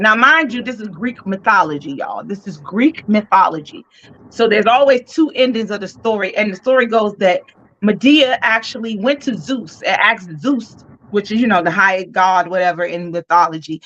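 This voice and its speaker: A woman co-hosting a podcast, telling a story with lively, cursing slang. Her voice sits fairly high. The recording is dull and lo-fi. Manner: animated, profane, slangy retelling. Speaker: podcast co-host. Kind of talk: casual storytelling.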